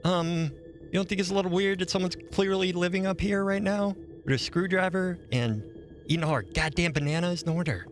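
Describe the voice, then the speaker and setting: A man's voice: high voice, brisk, faint music behind. A man streaming a horror game, reacting aloud in casual, profane commentary.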